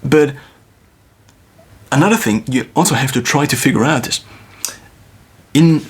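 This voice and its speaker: A man thinking aloud in a reflective solo monologue, musing with pauses and restarts, recorded on a phone. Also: medium pitch, slightly rough. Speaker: video creator.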